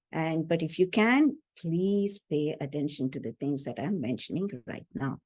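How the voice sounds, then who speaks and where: A middle-aged woman explains how to chant, patient and earnest, pausing to ask "hmm?" of her listeners. Her voice sits a little low and sounds mellow and soft. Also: no echo. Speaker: teacher. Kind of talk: spiritual lecture on chanting.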